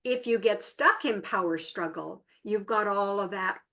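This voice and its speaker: A middle-aged woman co-hosts a relationship workshop, telling stories in a relaxed way to a small group. Her voice is medium-pitched and a little slow, and she brings the quoted voices in her stories to life.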